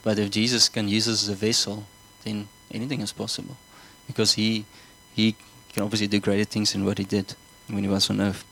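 Low, flat-voiced male preacher. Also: a little fast, creaky, hardly any pauses, husky, low-quality recording. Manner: earnest, repeats himself, asks the congregation questions. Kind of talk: sermon.

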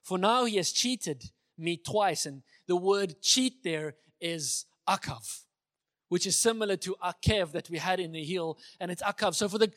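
Sometimes acting out the dialogue he recounts, this preacher gives a conversational sermon in a high-pitched, slightly bright voice.

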